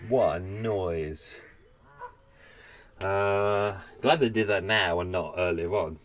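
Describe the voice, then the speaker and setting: A man's voice: deep voice, takes it slowly, slight background noise. Tired, rambling man. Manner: rambling, chatty, self-deprecating. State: tired, a bit out of breath. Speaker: podcast host. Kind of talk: casual unscripted chat. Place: on his boat, indoors.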